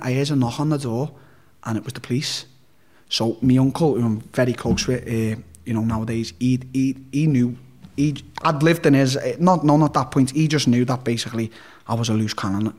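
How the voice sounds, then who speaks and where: A man from Liverpool tells a personal story as an interview guest, casual, blunt, sweary and rambling. His voice is medium in pitch and a little mellow.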